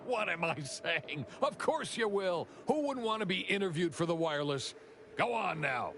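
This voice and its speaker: A man's voice: high voice, animated, normal speed, loud music behind the voice. An actor playing a chatty, upbeat male corporate publicist in a video game.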